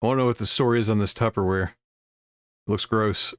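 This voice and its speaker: Man, lowish voice, casual livestream news reading, laughs between lines, dry close sound. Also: fairly even intonation, normal speed, smooth, no room sound. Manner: reads news aloud with frequent laughs and asides.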